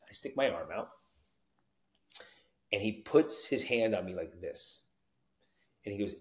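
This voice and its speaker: Animated storytelling man, roomy sound. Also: on the low side, measured pace, pauses often. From New Jersey. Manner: animated, acts out quoted dialogue, frequent "you know what I mean". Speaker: podcast guest, recovery coach. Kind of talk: storytelling in conversation.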